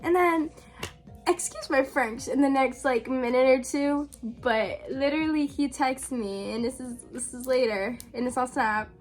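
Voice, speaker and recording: A young woman with a high, light voice tells a story straight to her viewers. She talks loosely and casually, sprinkling in "like" and "um" and laughing as she goes. Her tone stays relaxed and conversational throughout. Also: measured pace, faint music behind. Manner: chatty, full of "like" and "um", laughs often. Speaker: vlogger telling a story.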